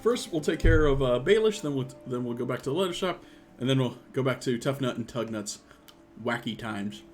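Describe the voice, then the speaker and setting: A man narrating a tabletop game as game master over an online call, playful and animated. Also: mid-range voice, brisk, faint music behind. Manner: animated, playful, laughing often.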